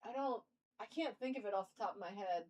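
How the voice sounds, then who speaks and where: A woman's voice: mid-range voice, fast, darkish tone, rough recording. A young woman streamer musing aloud in casual live-stream chat.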